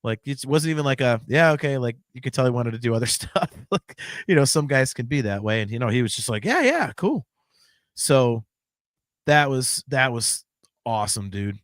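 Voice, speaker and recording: A man hosting a podcast, telling a long casual story in a rambling, excited way with plenty of casual swearing. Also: medium pitch, brisk, no echo, clean studio sound. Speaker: podcast host.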